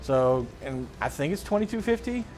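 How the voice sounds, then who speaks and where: A man hosting a casual tabletop gaming chat, slangy and rambling, getting excited as he talks. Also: fairly high pitch, moderate pace, a little hiss or hum. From Mid-Atlantic United States. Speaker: host.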